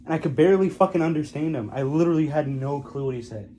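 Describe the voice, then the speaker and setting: A man's voice: fairly high pitch, expressive, quick pace, warm tone, a little hiss or hum. Rambling, profane male storyteller. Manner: rambling, profane, frequent laughter, trailing off into mumbles. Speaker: vlogger. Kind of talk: casual storytelling.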